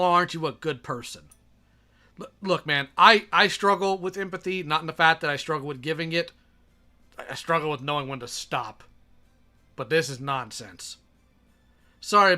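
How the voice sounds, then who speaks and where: A man's voice: fairly high pitch, bright, forceful tone. A man reading messages aloud and reacting in a sarcastic, exasperated way.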